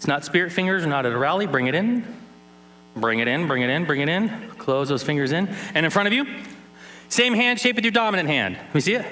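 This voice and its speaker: A man's voice: high-pitched, pushed and bright. A man in his thirties giving a playful keynote at a conference, teaching sign language and joking with the audience. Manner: playful, teasing, jokes with the crowd. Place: large conference hall.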